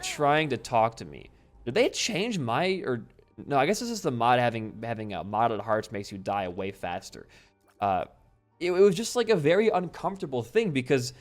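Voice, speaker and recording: A young man telling a rambling story while playing a game, swearing freely and breaking off to react to the game. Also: mid-range voice. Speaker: gaming YouTuber.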